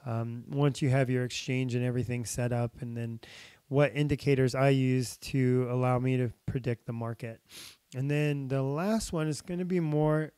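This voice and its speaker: Chatty man explaining charts, mellow and dry. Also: mid-range voice, steady tone, moderate pace, clear, resonant tone, no echo. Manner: casual, chatty, many fillers. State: losing his voice. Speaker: crypto trading channel host. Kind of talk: casual screen-share chart tutorial.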